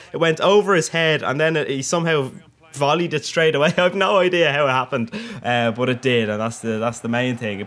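Young guy, gaming commentary, loose and cheeky, laughs a lot, average pitch. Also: fairly bright tone. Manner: chatty, jokey, crude, laughs often. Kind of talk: casual game commentary.

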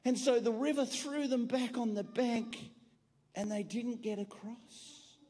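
A woman telling a lively children's story at church, asking the children questions and getting them to join in. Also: on the high side, a little slow. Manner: animated, playful, asks the children questions. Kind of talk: children's story with audience prompts. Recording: long church hall reverb.

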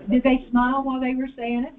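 A woman preacher delivering an animated sermon and calling out to the congregation in a church. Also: high voice. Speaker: guest preacher. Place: church sanctuary. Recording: tinny phone-like audio.

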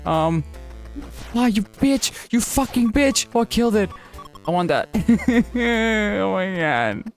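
With faint music in the background, this gaming channel host narrates his own let's play live in a high, animated voice at a slow pace. He frequently gets frustrated, curses, laughs at himself, and occasionally begs the game.

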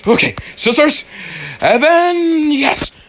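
A man's voice: very high voice, slow, a bit bright, a little hiss or hum. A young man giving let's play commentary on a horror game, panicky and pleading, repeating phrases over and over. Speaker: gamer playing a horror game.

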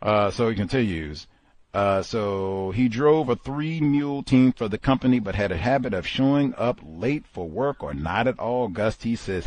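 A man's voice: on the low side, expressive, normal speed, darkish tone, no room sound. A man hosting a book club session, reading a memoir aloud with emphatic, exclaiming commentary. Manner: emphatic, exclaiming, conversational asides.

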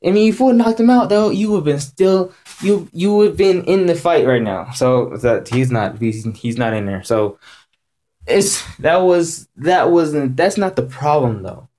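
Excitable rambling man ranting. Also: unhurried. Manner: excitable and rambling, repeats himself often; jumps high in pitch when excited. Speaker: anime reviewer. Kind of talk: casual rant video review.

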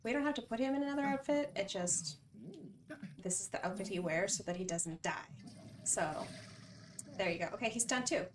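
A woman's voice: medium pitch, brisk, pauses often, crowd noise. A woman chatting through a life-sim game as a bubbly channel host, often correcting herself mid-sentence. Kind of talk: casual game commentary. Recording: voice distant from the mic, faint music.

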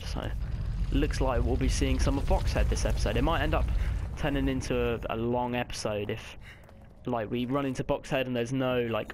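Chatty gamer, noisy recording. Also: male voice, mid-range voice. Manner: chatty, swears often, reacts loudly to the game. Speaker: let's play gamer. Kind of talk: casual gameplay commentary. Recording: noticeable background noise.

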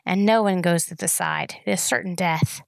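A curt female warrior leader giving orders in short, firm phrases. A woman reading a storybook does her with a gravelly, dry voice. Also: lowish voice, normal speed, dry recording. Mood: commanding. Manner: curt, commanding.

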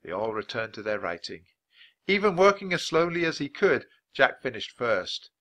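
Bright, lively male storybook narrator. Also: mid-range voice. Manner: clear, unhurried storytelling. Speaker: audiobook narrator. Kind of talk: reading a children's book aloud for English learners.

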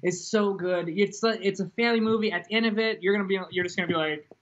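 A man's voice: high-pitched, fast, fairly bright tone, highs cut off. A man co-hosting a podcast from a remote call, gushing and emotional as he chats casually. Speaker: podcast co-host. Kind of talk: casual chat.

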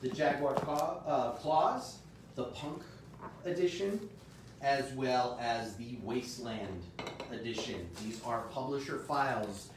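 A man hosting a comic book sales livestream, with upbeat salesman patter and sudden loud shout-outs. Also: mid-range voice, slow pace, background noise. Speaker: host of a comic shop livestream. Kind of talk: live sales stream chat. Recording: echoey room, mic far off.

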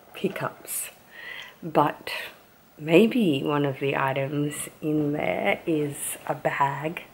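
A woman's voice: sits low, breathy edge. A young Australian woman, a new mum, chatting casually and rambling to camera at home. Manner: chatty and rambling, hushed at times. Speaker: vlogger. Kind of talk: casual vlog chat.

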